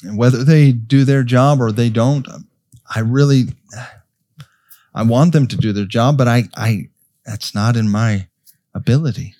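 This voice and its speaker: A man preaching a sermon as pastor of a church, slow and emphatic, rising to strong peaks as he calls out to his congregation. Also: medium pitch. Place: church sanctuary. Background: soft piano.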